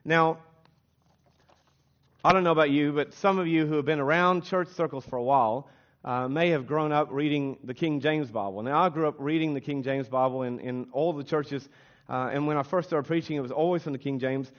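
American pastor with a relaxed, chatty delivery. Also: male voice, fairly high pitch, a little fast, dull audio. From United States. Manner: casual and conversational, with many restarts and fillers. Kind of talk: sermon.

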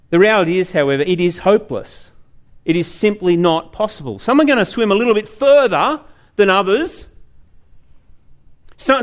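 Earnest male preacher, high-pitched, storytelling sermon.

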